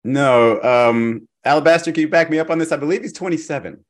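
A man's voice: a little high, brisk. A man co-hosting a sports podcast, chatting in a joking way and laughing often. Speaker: podcast co-host. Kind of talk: casual sports chat.

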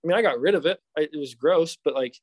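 Animated young man telling stories. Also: a little high, fast. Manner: animated storyteller, acts out fans' voices. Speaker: professional baseball pitcher guest. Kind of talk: casual podcast chat.

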